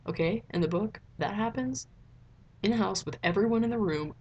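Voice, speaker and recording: A woman's voice: normal speed, muffled recording, slight background noise. Chatty young woman, rambling movie review. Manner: chatty, rambling, heavy use of "like"; expressive, swoops up in pitch when excited. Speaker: vlogger. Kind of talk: casual movie review chat.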